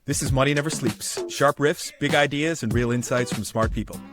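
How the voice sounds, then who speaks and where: A man's voice: mid-range voice, fairly quick, music in the background. A male podcast host giving an upbeat, polished show intro and asking interview questions.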